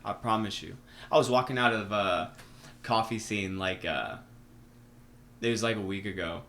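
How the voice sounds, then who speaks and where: Animated, slangy young man. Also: on the low side, normal speed, a little hiss or hum. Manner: animated storytelling, heavy swearing and slang. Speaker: podcast guest. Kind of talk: casual conversation.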